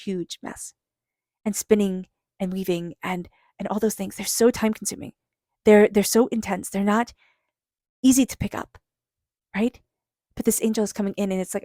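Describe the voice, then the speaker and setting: A woman giving a casual tarot reading, chatty and expressive, acting out little reactions in between. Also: mid-range voice, no echo, clean studio sound. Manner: soft repeated chanting invocation. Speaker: tarot reader.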